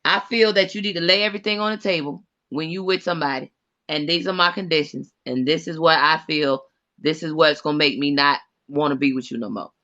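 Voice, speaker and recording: Blunt, high-voiced man. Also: fairly quick, bright, forceful tone, muffled recording. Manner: blunt, emphatic, lecturing. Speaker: co-host. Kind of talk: casual chat.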